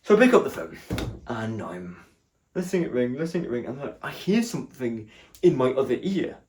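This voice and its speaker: A man's voice: medium pitch, fairly quick. A man doing stand-up, telling a story and acting out the people in it with shifting voices. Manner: animated, acts out other people's lines in shifting voices. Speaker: stand-up comedian.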